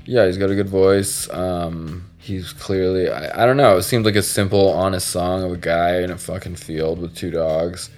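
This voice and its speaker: A man's voice: deep voice, steady tone, moderate pace, hardly any pauses, darkish tone, soft background music. A man hosting a podcast, chatting casually in a meandering, profane way. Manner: profane, meandering, frequent restarts. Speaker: podcast host. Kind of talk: casual chat.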